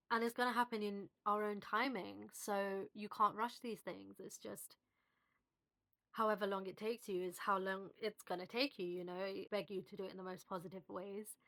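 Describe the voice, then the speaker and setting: A woman vlogger speaking softly and reflectively to her viewers, with fillers and small restarts. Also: medium pitch. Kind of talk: heartfelt one-on-one talk to camera. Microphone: phone at arm's length, video-call style.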